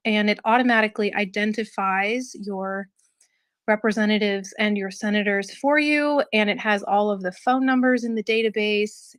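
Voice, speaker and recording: A woman's voice: mid-range voice, a bit bright, dry recording. A woman in a casual live chat, self-deprecating as she explains something plainly. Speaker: speaker in a live audio space.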